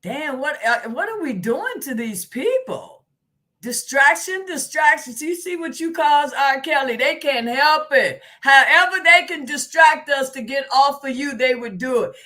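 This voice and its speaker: A woman hosts a casual live stream, exclaiming and laughing as she talks. Her voice sits high and bright, and she takes her time with the words. She swears freely and often gets loud. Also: lively intonation, measured pace. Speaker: livestream host.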